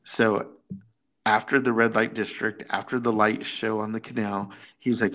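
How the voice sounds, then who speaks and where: A man's voice: fairly low pitch, moderate pace. A middle-aged man telling a story in casual conversation, slipping into the voices of the people he quotes. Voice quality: animated storyteller, acts out quotes. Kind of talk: casual chat.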